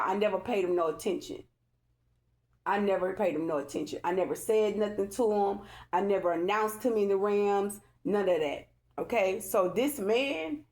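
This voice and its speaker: A woman's voice: medium pitch, a little mellow. A woman giving a casual spiritual tarot reading to her viewers, chatty and emphatic, repeating herself and constantly checking in with them. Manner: chatty and emphatic, keeps addressing viewers and asking "okay?"; repeats herself, loose colloquial phrasing. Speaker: tarot card reader.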